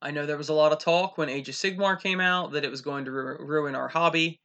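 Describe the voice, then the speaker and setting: A man voicing an overblown male talk-show host persona, booming and theatrical in a mock talk-show monologue. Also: steady tone, a little fast, sharp tone. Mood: grandiose.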